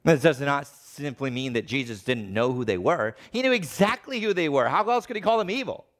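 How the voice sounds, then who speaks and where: A man preaching a sermon, animated, acting out the voices of the people he quotes. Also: medium pitch, fairly quick.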